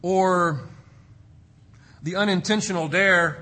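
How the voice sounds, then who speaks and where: A man preaching a sermon, swinging between loud emphasis and hushed, quiet drops. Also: a little high, animated, measured pace, husky. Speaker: pastor.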